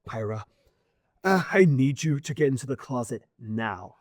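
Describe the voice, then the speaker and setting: A man voicing an old male mentor inventor who walks with a cane and jokes dryly, spoken quietly and low-key. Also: moderate pace, no room sound, clean studio sound, close to an everyday voice. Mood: urgent.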